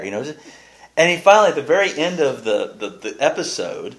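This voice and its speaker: Lively man teaching scripture. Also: medium pitch, brisk. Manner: animated, restarts often, reads scripture aloud. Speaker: Bible study teacher. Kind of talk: casual Bible study teaching.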